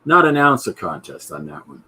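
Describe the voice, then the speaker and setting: Low-voiced man rambling jokily. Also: sing-song, moderate pace, sharp tone, slightly rough. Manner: rambling, jokey asides. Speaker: podcast host and comic artist. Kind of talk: casual chat while drawing.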